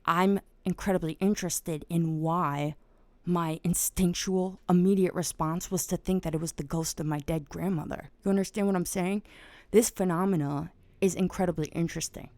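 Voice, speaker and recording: Woman host, low-pitched, casual explainer, dry close recording at home. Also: moderate pace, no echo. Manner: animated, swearing and loud when excited. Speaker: podcast host. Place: at home at night.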